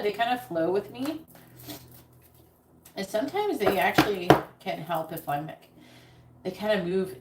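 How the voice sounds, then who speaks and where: A woman's voice: lowish voice, echoey room, heavy background noise. A woman giving a casual live-stream tarot reading, chatty and rambling, talking straight to her viewers. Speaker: psychic reader on a live stream.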